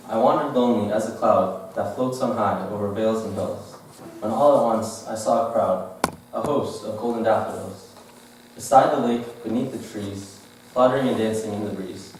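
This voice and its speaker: A teenage boy with a fairly deep voice recites a poem in an even, flowing way, lifting briefly for emphasis. The sound is distant and washed in the long echo of a large school hall, with a faint murmur of the room behind him. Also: slight background noise. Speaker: student contestant. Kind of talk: poetry recitation. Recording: echoey hall from far off.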